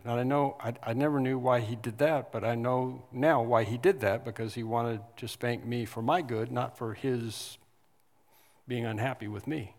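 A man's voice: mid-range voice, normal speed, a little mellow. Earnest preacher man in a reverberant hall. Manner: earnest, rises to emphatic stress on key words, with frequent restarts. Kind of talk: sermon.

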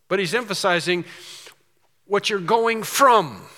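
A man's voice: sits high, animated, a little slow, bright, forceful tone, in a large hall. A man preaching an expository sermon, asking questions and answering them with emphasis. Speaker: pastor.

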